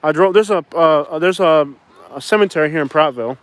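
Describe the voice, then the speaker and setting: A man's voice: on the high side, a little fast, no echo. A man from Miami chatting casually and jokingly to his viewers, rambling from one thought to the next. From Miami, Florida. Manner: loose, joking, addresses viewers as y'all. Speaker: vlogger. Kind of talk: casual rambling chat to camera.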